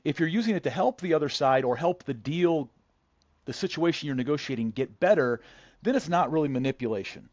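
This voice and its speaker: A man's voice: a little high, expressive, fairly quick, a little mellow, dry recording. A man talking as a podcast guest, telling anecdotes in an easy conversational flow. He often restarts and repeats words mid-sentence. The sound is dry and a little dull, like a lo-fi remote recording. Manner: frequent restarts and word repeats. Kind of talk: conversational storytelling.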